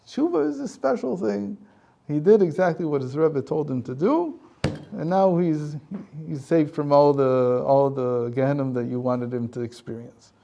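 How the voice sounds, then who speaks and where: A man's voice: a little high, animated, moderate pace, vocal fry, warm tone, lo-fi sound, a little hiss or hum. A man voicing a heavenly court. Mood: explaining. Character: heavenly tribunal judging a soul.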